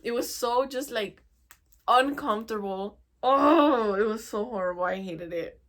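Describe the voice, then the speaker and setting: A young woman hosting a casual storytime chat, animated and exasperated, full of "dude" and "oh my God.". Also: on the high side, a little slow. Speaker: podcast host.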